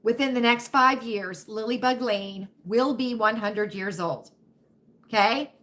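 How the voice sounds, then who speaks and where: A woman hosting a casual livestream chat with her viewers, who keeps asking "right?" and now and then drops into a hushed whisper. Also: a little high, a little slow. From United States. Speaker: livestream host.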